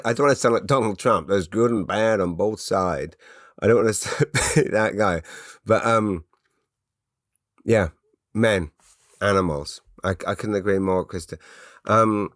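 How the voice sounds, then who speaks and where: A man's voice: sits low, no echo, studio quality. A man hosting a casual podcast, chatting in stop-start bursts while he reads out listener comments and answers their questions. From England. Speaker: podcast host.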